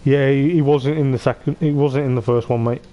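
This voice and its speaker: A man giving live commentary on an online racing league, excitable and repetitive, laughing often, his voice going hoarse. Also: medium pitch, a little fast, lo-fi sound. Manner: excitable, repeats "I tell you what", laughs often. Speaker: race commentator.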